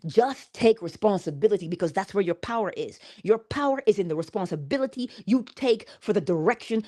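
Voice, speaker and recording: A woman's voice: mid-range voice, lively intonation, a little fast, few pauses, warm tone. A woman giving a morning inspirational talk, with preacherly calls and frequent laughter. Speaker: motivational speaker.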